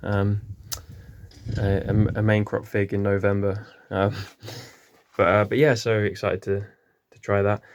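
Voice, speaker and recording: Male gardener, low-pitched, chatty and hesitant, casual greenhouse walk-through. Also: level tone, measured pace, highs cut off, a little hiss or hum. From England. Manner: rambling, many ums, self-correcting. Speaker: gardening vlogger. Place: small greenhouse.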